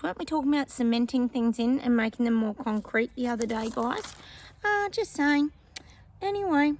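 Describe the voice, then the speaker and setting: A woman's voice: sits high, normal speed, a little mellow, no room sound. A middle-aged woman hosting her psychic channel from home, chatting casually to viewers, exclaiming often and scoffing with laughing asides. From Australia. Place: home with dogs.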